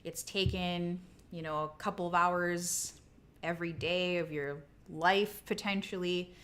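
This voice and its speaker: A woman's voice: lowish voice, fairly even intonation, measured pace, fairly bright tone. A woman co-hosting a casual livestream chat, talking in a conversational way with frequent restarts. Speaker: co-host.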